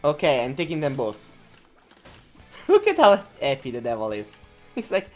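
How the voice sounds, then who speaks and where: A young woman commentating her own video game run, laughing often, swearing and reacting loudly. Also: deep voice, wildly swooping pitch, moderate pace, long pauses, faint music behind. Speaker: gameplay commentator. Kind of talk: let's play commentary.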